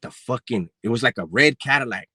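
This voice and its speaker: A man's voice: mid-range voice, expressive, fairly quick, bright, forceful tone, slightly rough, dry recording. A man in his forties telling a personal story in a casual, profane, slang-heavy way. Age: 40s.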